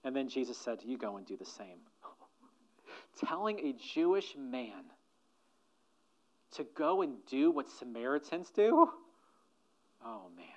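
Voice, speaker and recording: Emphatic male preacher with loud-to-hushed swings. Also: on the high side. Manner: slows down to stress key phrases. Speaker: pastor. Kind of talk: sermon. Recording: dull, muffled sermon recording.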